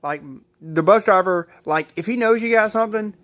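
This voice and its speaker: A man's voice: high-pitched, normal speed, fairly bright tone. A man casually telling a personal story, rambling, repeating himself and swearing freely.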